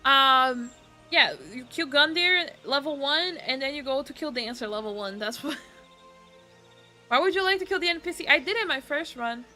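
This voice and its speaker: A woman's voice: high voice, animated, moderate pace, sharp tone, soft background music. A woman, a Portuguese speaker, chatting casually on her stream and laughing often. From Brazil. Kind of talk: casual chat.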